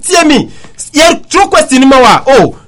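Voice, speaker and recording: Insistent high-voiced Ghanaian radio host. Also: male voice, sing-song, moderate pace, a bit bright. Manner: insistent, repeatedly addresses co-host by name. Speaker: radio sports show host. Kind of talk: heated sports talk chat.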